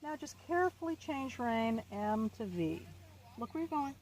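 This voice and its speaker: Calm encouraging woman coaching outdoors. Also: a little high, moderate pace, slight background noise. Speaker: riding instructor. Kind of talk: outdoor riding lesson coaching. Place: outdoor riding arena.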